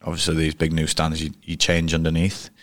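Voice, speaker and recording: Deep-voiced man telling anecdotes. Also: monotone, fairly quick, a bit bright, no room sound, clean studio sound. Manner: rambling, frequent restarts and fillers. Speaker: guest cricketer. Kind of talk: casual storytelling interview.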